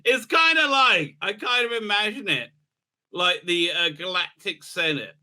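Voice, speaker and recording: A rabbi talking through a casual commentary monologue, rambling and sarcastic, breaking into laughter often. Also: male voice, high-pitched, a little slow, bright, forceful tone.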